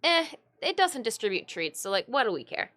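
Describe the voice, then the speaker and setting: A woman's voice: a little high, big pitch swings, a little fast, fairly bright tone. A woman voicing an indifferent male house cat who hesitates and stammers.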